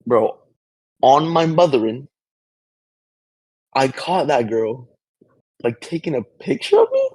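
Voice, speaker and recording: A young man, a podcast co-host, with a gravelly, husky voice and animated, swaggering slang banter. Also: mid-range voice, slow pace, long pauses, dry recording. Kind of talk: casual chat.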